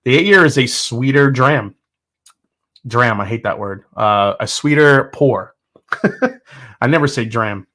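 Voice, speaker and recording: Bright-voiced chatty man hosting a livestream. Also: mid-range voice, lively intonation, takes it slowly, pauses often. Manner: chatty and enthusiastic, self-deprecating, thinking aloud. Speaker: host of a whiskey tasting livestream. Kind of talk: casual livestream chat, reading viewer comments.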